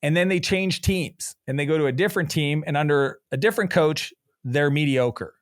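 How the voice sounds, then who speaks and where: A middle-aged man with a slightly raised speaking voice talks as a business coach, telling stories with energy. He slips into lively quotes of other people as he goes. The sound is close and dry, with no room around it. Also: on the high side, moderate pace, no room sound. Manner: energetic storyteller, animated quoting of others. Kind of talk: conversational interview.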